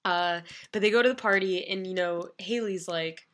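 A woman co-hosting a podcast, chatting casually and narrating TV scenes in an animated way, laughing often. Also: lowish voice, moderate pace. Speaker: podcast co-host. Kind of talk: casual TV recap chat.

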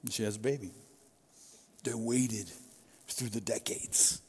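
A man's voice: on the low side, fairly even intonation, measured pace, husky. A middle-aged male pastor preaching a sermon in a conversational, storytelling way with personal asides. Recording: long reverb of a large hall.

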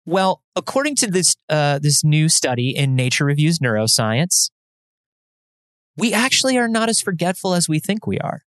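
Man, slightly high voice, dry close mic. Casual podcast co-host, chatty and self-deprecating. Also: very animated, moderate pace, dry recording. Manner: chatty, self-deprecating, explains science news. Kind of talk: casual chat.

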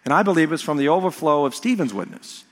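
A middle-aged man preaching a sermon as a pastor, slowing down to stress key phrases and breaking into storytelling asides. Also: a little high, sing-song. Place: church sanctuary. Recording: long reverb of a large hall.

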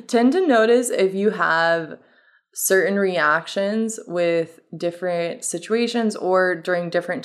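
Low, gravelly-voiced woman hosting a podcast. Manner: relaxed and reflective, with frequent fillers like "um" and "like". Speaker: podcast host and holistic health coach. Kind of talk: casual solo podcast monologue.

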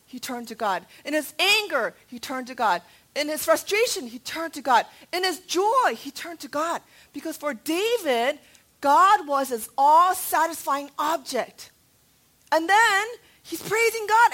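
A woman's voice: very high-pitched, a bit bright. A woman in her thirties preaching a sermon, telling stories with animation and quizzing her congregation. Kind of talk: sermon to a church family.

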